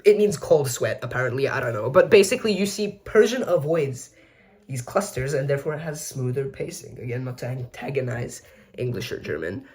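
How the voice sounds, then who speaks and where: A video essay host delivers a casual educational explainer in a medium-pitched, expressive, fairly quick voice that's a little mellow. His delivery is chatty, full of self-mocking asides and frequent corrections mid-sentence.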